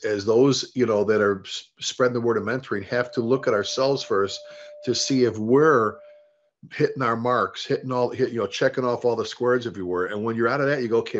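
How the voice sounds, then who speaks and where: A middle-aged man, a fire service leader, telling stories in an interview, acting out quoted dialogue and restarting his sentences often. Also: medium pitch. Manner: animated storyteller, acts out quoted dialogue, frequent restarts. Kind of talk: conversational storytelling. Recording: dull lo-fi interview audio.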